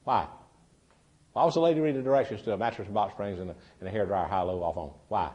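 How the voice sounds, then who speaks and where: A man's voice: on the low side, quick pace, a little mellow, muffled recording. A man giving a humorous seminar, telling folksy stories and talking directly to his audience. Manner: folksy storyteller, chatty, addresses the audience directly. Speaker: seminar speaker. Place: meeting room with a live audience.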